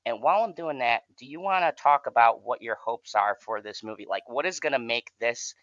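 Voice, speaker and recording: A man's voice: medium pitch, lively intonation, brisk, a bit bright, no echo, muffled recording. A man hosting a live watch-along stream, chatting casually with lots of cursing and rambling jokes. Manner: profane, rambling, joking. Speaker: stream host.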